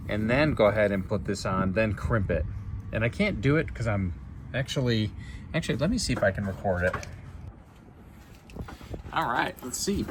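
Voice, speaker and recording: A man's voice: fairly low pitch, background noise. A man chatting casually as he fixes an RV outdoors, rambling and often correcting himself. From United States. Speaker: RV repair vlogger. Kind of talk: casual how-to vlog.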